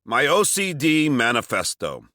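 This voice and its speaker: A man from Long Island narrates his own memoir with a bright, sharp-edged voice. His delivery is wry and self-mocking, punching up the quoted lines with loud bursts. The sound is close and dry, with no room around it. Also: mid-range voice, very animated, unhurried, no room sound. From Long Island, New York. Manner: wry, self-mocking comic storytelling with sudden shouted quotes. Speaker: memoir author reading his book.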